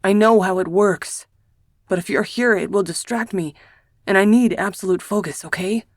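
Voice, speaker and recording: A woman reading the part of a protective young male mage brother, speaking softly and urgently in an audiobook. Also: mid-range voice, moderate pace, no room sound, clean studio sound, natural voice. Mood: tender urging.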